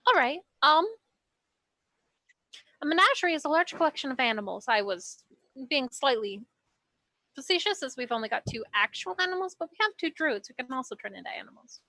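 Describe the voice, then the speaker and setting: Woman game master, bright and animated, higher pitch, playful asides. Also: fairly quick, dry recording. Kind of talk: narrating a tabletop game.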